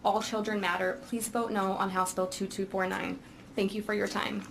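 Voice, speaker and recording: Woman, parent giving committee testimony; earnest, emotional, measured delivery, faint background noise. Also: mid-range voice, level tone, vocal fry, low-quality recording. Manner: earnest, emotional, slow and deliberate. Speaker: parent testifying at a legislative hearing. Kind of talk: reading prepared testimony.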